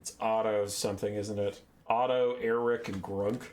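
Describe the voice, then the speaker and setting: A man's voice: lowish voice, steady tone, moderate pace, few pauses, a little mellow. A young man giving a casual, rambling and sarcastic lore recap, swearing and acting out characters. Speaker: lore video host.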